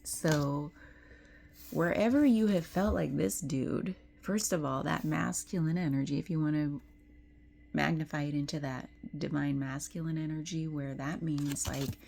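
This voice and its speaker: A middle-aged woman giving an intuitive tarot reading to camera. She is tearful and tender, and drifts into soft whispers when she is moved. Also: low-pitched, measured pace, gravelly, a little hiss or hum. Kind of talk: emotional spiritual talk to camera.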